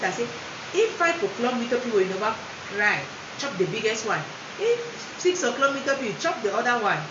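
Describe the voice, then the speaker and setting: A woman's voice: medium pitch, background noise. Pidgin-accented woman doing a motivational livestream, repeats herself for emphasis, echoey room, dull lo-fi sound. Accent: West African Pidgin English. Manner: emphatic, repeats words, mixes Pidgin with standard English. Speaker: motivational speaker. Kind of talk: casual motivational livestream talk. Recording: roomy, dull lo-fi livestream audio.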